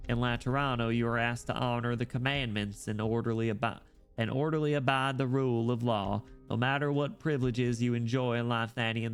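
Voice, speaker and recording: A man voicing a calm, formal church legate who lays down the rule of law in measured tones. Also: mid-range voice, smooth, close to an everyday voice.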